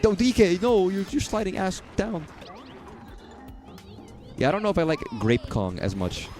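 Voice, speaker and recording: A man's voice: sits high, wildly swooping pitch, moderate pace, a little mellow. Profane, rambling young male game streamer. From southern US. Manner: rambling, profane, jokey asides. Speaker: gaming streamer. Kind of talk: casual let's-play commentary. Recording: faint game music behind.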